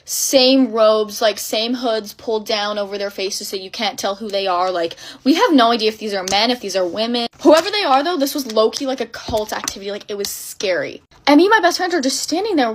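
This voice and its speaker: A woman's voice: fairly high pitch, slight background noise. Young woman telling a dramatic storytime. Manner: breathless, dramatic retelling full of fillers. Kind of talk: casual storytime.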